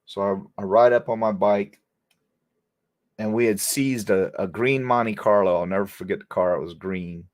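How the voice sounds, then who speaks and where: A man's voice: lowish voice, normal speed. A middle-aged man, a former police officer, telling a story casually and talking straight to his viewers. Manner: animated anecdote-telling, addresses viewers directly.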